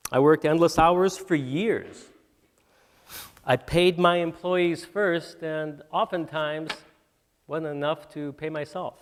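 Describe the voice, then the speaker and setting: Man telling stories in an echoing auditorium. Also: fairly high pitch. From Michigan. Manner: anecdotal, with frequent fillers and restarts. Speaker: entrepreneur guest speaker. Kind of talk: storytelling lecture to students. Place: university auditorium. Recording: reverberant auditorium.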